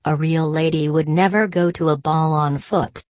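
A woman voicing a brisk, bossy but kindly fairy godmother in a storybook reading, giving orders. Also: sits low, fairly even intonation, darkish tone, dry recording, clean studio sound, natural voice. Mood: commanding. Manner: commanding, brisk.

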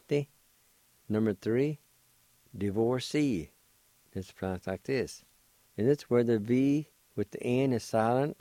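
A man's voice: lowish voice, warm tone, no room sound, low-quality recording. An older man hosting a radio language lesson, patiently spelling words letter by letter and repeating each pronunciation. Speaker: radio host teaching language.

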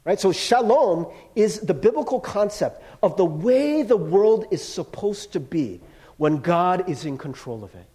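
A man, the pastor, preaching a casual, animated sermon with slangy asides, dropping to a hushed voice when quoting. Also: high-pitched.

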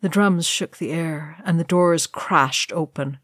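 Woman reader, lowish voice, slow and measured, dry close mic. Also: dry recording. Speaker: audiobook reader. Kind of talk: fan fiction reading.

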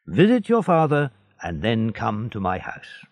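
A man's voice: mid-range voice, wildly swooping pitch, measured pace, dry recording, heavily acted. A man voicing a kindly, fatherly ship owner in a storybook reading. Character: older male ship owner, kindly and warm.

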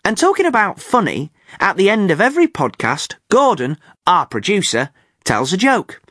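A man hosting an English-learning podcast, speaking clearly in an amused, teacherly way. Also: high-pitched, huge pitch swings, moderate pace, fairly bright tone, no echo, studio quality. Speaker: podcast host.

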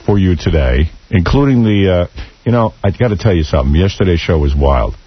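A lower-voiced male radio host with a husky edge tells a story with wry laughs, acting out what people said. The sound is dry and dull, like an old lo-fi broadcast. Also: expressive, a little fast, no room sound. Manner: wry, laughing storyteller who acts out quotes. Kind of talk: casual radio banter and storytelling.

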